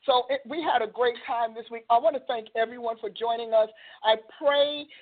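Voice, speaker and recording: A woman hosting a religious talk show, speaking with an animated, preacher-like cadence. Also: a little high, brisk. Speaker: host. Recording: phone-like band-limited audio.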